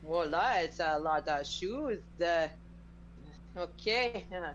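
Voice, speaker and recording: A woman's voice: on the low side, expressive, slow, lo-fi sound, slight background noise. A woman playing a tabletop game, talking through her moves with lots of uhs and likes. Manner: hesitant, filler-heavy, careful planning. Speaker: player. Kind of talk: casual tabletop play.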